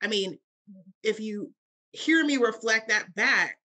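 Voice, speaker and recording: Bright-voiced coaching woman. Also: a little high, lively intonation, slow pace, slightly rough. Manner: probing, coaching questions, playful. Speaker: podcast co-host and coach. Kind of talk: casual podcast conversation.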